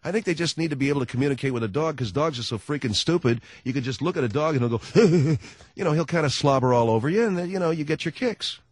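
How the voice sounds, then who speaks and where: A man's voice: on the high side, expressive, fast talker, no echo. A man hosting a radio talk show, telling a sardonic comic rant in a studio. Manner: sardonic, ranting storyteller. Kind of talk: comedic radio monologue.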